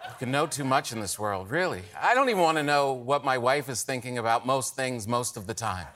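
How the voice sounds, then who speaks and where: A middle-aged man, a comedian guest on a talk show, riffing in animated, exasperated comic bits. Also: mid-range voice, fairly quick. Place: television studio.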